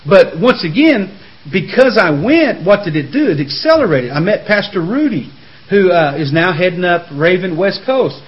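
A man hosting a Christian talk show in a studio, telling stories in a fast, animated, preaching way with Southern turns of phrase. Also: high voice, highs cut off. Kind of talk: lively preaching conversation.

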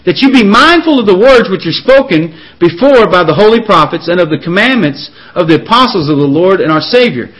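High, lively-voiced male preacher. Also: poor audio. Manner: emphatic, repeats phrases, reads scripture aloud slowly; often calls out "folks, listen". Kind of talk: sermon.

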